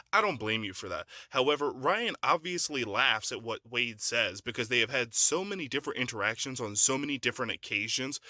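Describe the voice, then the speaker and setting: A man hosting his own commentary video, calmly and pointedly debunking another creator's claims. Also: mid-range voice, no echo, studio quality. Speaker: channel host and editor. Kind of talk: commentary rebuttal. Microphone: phone recording.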